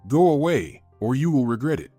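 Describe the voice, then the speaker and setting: A man voicing a distraught young village woman, pitching up to plead and shout, over faint music. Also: big pitch swings, slow pace, breathy edge, no echo, full character voice.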